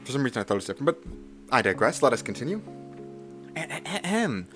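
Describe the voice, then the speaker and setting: Young man, mid-pitched voice, live streamer, self-correcting, flustered, faint music behind. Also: very animated, fast talker, fairly bright tone. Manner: self-correcting, flustered, reciting digits in bursts. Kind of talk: live stream memory challenge.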